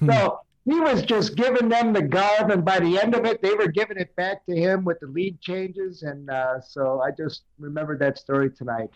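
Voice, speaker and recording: An older man with a high-pitched voice, the recurring host of a guest segment, tells rambling stories and poses quiz questions on a casual podcast recorded over a video call. He speaks at a moderate pace and leans heavily on fillers. The recording quality is low.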